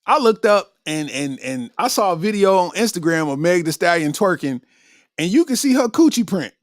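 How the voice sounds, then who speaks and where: A male comedian hosting a podcast, riffing in an animated, slangy monologue and laughing often. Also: sits high, normal speed, no echo, clean studio sound.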